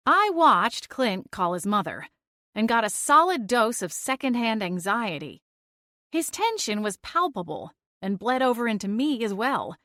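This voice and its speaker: A woman narrating a first-person audiobook in an even, measured storytelling voice. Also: fairly high pitch, dry recording, clean studio sound.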